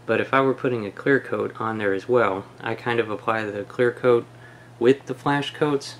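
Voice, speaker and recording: Gravelly man explaining a paint test. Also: mid-range voice, moderate pace, slight background noise. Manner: relaxed explaining, many ums and restarts. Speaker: hobbyist reviewer. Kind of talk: casual product test vlog. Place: home shed.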